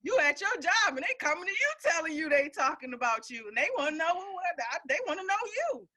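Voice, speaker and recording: A woman's voice: extremely high pitch, big pitch swings, a little fast, crowd noise. A woman hosting a casual community call, emphatic and encouraging as she talks. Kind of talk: casual group call chat.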